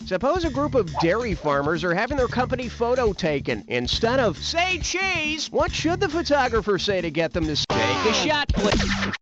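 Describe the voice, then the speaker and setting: A snarky game show host, super lively, muffled audio w loud music behind. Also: male voice, very high-pitched, heavily acted. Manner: snarky, rapid-fire jokes, taunting players. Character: wisecracking male quiz show host. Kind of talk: video game voice acting.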